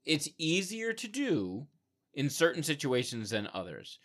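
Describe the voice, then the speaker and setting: Bright, excitable man chatting fast. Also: a little high. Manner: excitable, quick, acts out voices in his stories. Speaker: podcast co-host. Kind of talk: casual chat.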